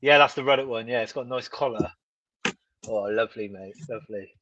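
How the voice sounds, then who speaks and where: A man's voice: medium pitch, a little fast, a bit bright, dull audio, slight background noise. A man joining a podcast stream as a guest from his phone, easygoing, matey and self-deprecating. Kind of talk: casual live-stream chat.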